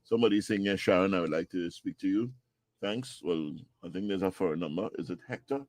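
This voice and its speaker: Trinidad radio host guy, lowish voice, brisk and upbeat. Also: a little mellow, no echo. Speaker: radio talk show host. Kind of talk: call-in radio hosting.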